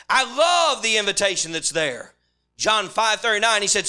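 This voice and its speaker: A man preaching a sermon, moving from hushed storytelling to shouting. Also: sits high, very animated, moderate pace.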